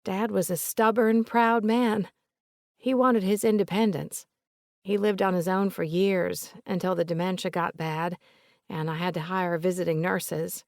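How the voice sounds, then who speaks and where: A woman voicing an older woman with a soft Southern accent, polite and remorseful, recalling family memories in a gentle, chatty way. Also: fairly low pitch, fairly even intonation, measured pace, no echo, studio quality.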